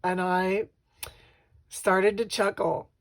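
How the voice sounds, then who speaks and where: A middle-aged woman casually showing her craft work, soft and rambling, with lots of fillers and restarts. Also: mid-range voice, little pitch movement, slow, creaky. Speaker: craft vlogger.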